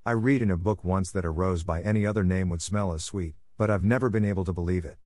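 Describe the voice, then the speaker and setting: A man's voice: low voice, quick pace, a little mellow, no echo. A man reading the part of an eager, dreamy eleven-year-old orphan girl in an audiobook, in a gushing way.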